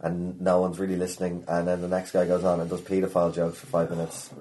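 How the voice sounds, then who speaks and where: An Irish man in his thirties tells stories in a casual chat. His voice sits low, and he swears freely as he talks. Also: quick pace. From Ireland. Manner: animated storyteller, swears freely. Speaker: comedian guest. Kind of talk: casual conversation.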